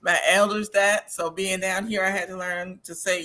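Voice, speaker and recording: Bright woman telling a story. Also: on the low side, steady tone, normal speed. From Midwestern US. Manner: storytelling, laughs often. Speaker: co-host. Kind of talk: casual panel chat.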